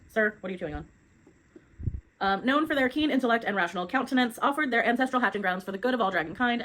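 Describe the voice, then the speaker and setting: A woman's voice: mid-range voice, a bit bright, rough recording. A young adult woman casually recapping a novel chapter by chapter, chatty with lots of fillers, reading quotes aloud. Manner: chatty, many fillers, quick summarizing. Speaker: book reviewer.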